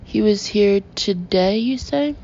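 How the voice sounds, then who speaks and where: A woman's voice: medium pitch, slow, dark tone, slight background noise. A woman voicing a polite, apologetic female agency receptionist, on a dull lo-fi recording.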